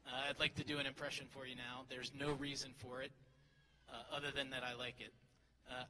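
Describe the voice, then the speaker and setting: A man's voice: mid-range voice, flat delivery, a little fast, sharp tone. A middle-aged man, a teacher, giving a humorous graduation speech full of teasing, self-deprecating jokes from a podium microphone. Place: large hall at a graduation ceremony. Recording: hall reverb, faint crowd ambience.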